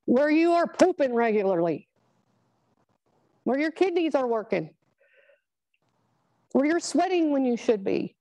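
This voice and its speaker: A woman's voice: high voice, big pitch swings, a little slow, long pauses, dark tone, rough recording. A middle-aged woman, giving a chatty, earnest motivational talk to a live group. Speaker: speaker at a product training.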